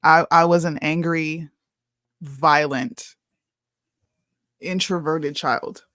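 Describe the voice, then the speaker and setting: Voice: medium pitch, steady tone, slow pace, fairly bright tone, no room sound, studio quality. Blunt co-host in frank talk. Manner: blunt, frank, says "bro". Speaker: podcast co-host. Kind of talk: casual chat.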